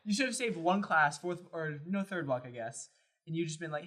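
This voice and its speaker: A man's voice: fairly high pitch, lively intonation, a little fast, bright, forceful tone. A young man on a casual podcast chat, teasing and laughing often. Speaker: podcast co-guest.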